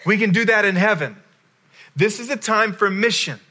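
Commanding teacher, urgent, put on by a male preacher; bright tone. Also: high voice, moderate pace, pitched above the performer's own voice.

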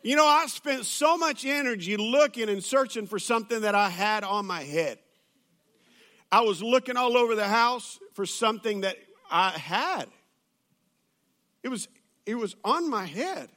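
A man's voice: high-pitched, lively intonation, unhurried, pushed and bright. A man, a pastor preaching a sermon to a church audience, telling stories with humor and plenty of fillers and restarts.

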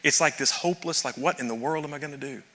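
A man's voice: fairly high pitch, fast talker, bright, forceful tone. A man preaching a sermon as pastor, telling a story to his congregation and building to fervent emphasis. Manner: addresses audience directly.

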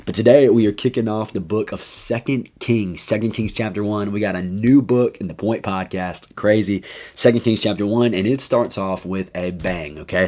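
A man who is a high school youth pastor, talking through a Bible chapter in an upbeat, chatty podcast style full of asides. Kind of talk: casual devotional podcast talk.

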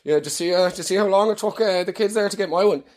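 A man's voice: high voice, very fast, darkish tone, close to an everyday voice. Irish man doing a smug bragging uncle. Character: boastful uncle, middle-aged man, smug.

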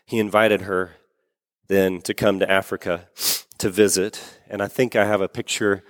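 A man's voice: deep voice, little pitch movement, moderate pace. Man preaching a story in a reverberant hall. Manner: earnest, repeats words for emphasis. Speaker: pastor. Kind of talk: sermon storytelling. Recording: long reverb of a large hall.

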